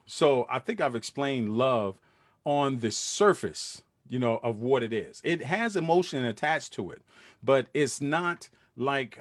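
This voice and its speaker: A man's voice: mid-range voice, dry recording. A man hosting a podcast, talking casually to his listeners in street slang and acting out little scenes as he goes. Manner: street slang, animated asides and acted-out quotes. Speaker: podcast host. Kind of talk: casual solo talk to listeners.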